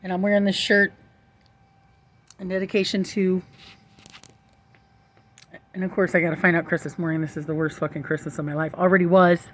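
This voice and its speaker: A woman's voice: fairly low pitch, little pitch movement, brisk, long pauses, slight background noise. Rambling, foul-mouthed woman telling stories. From St. Louis area. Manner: profane, rambling, laughing storyteller. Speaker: vlogger. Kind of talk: casual storytelling to camera.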